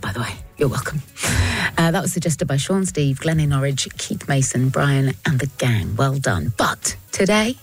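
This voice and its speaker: A woman presenting a radio show, reading out listeners' pun suggestions with quick, playful asides. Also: lowish voice. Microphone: studio microphone.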